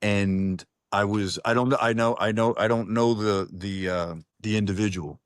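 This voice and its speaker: A man's voice: fairly low pitch, steady tone, unhurried, clean tone, no room sound, studio quality. A man talking as a singer-songwriter guest in a casual online interview, rambling and restarting his sentences, calling the host "brother". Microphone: video call.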